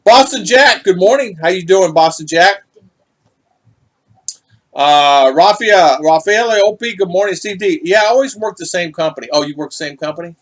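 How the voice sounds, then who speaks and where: A man's voice: high voice, animated, normal speed, a bit bright. Chatty middle-aged man greeting viewers. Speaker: vlog host reading live chat. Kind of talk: casual livestream chat.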